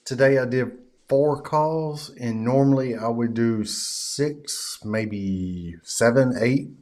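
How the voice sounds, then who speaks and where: An American man co-hosting a casual podcast, an HVAC technician speaking in a plain, deliberate way. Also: mid-range voice, darkish tone. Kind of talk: casual chat.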